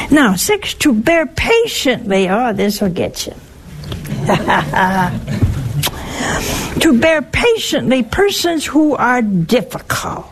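Slow, wry woman giving a sermon. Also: on the high side, slight background noise, low-quality recording. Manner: wry, teasing and emphatic. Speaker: religious speaker. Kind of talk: spiritual teaching talk.

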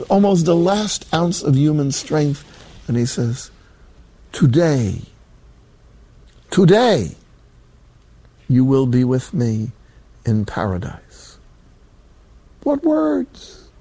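A man's voice: medium pitch, warm tone, dry recording. An older man, a Catholic priest, preaching a sermon in a folksy, emphatic way with colloquial asides.

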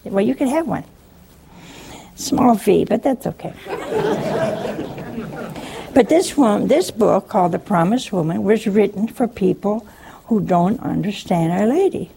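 Gravelly, slow-talking woman preacher. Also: medium pitch, big pitch swings, warm tone, slight background noise. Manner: chatty and teasing, acts out quotes, chuckles often. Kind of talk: humorous scripture teaching.

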